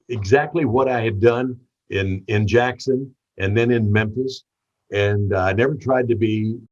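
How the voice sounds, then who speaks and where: Older Southern man, husky storyteller. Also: mid-range voice, lo-fi sound. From Tennessee. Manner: warm anecdotal storyteller with repeated restarts. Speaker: guest, veteran radio DJ. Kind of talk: storytelling interview.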